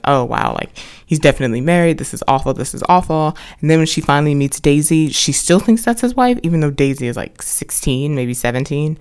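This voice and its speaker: A woman's voice: a bass voice, darkish tone. A woman hosting a podcast and reviewing a book series in a casual, rambling way, with many restarts and wry asides. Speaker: podcast host reviewing books.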